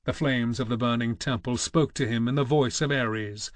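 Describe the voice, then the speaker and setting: A man narrating an audiobook in a measured, dramatic reading style. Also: medium pitch, steady tone, no echo. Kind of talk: scripted narration.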